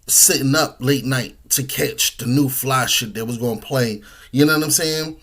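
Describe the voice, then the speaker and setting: A man with a medium-pitched, slightly bright voice talks at a normal speed in a casual podcast monologue. He's profane and slangy, and he eats while he talks.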